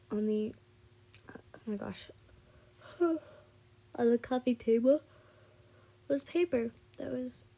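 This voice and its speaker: A tired woman reading fan fiction aloud at a slow, unhurried pace. Her voice is mellow and sits slightly high. She stumbles, restarts and apologizes as she goes. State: tired and yawning.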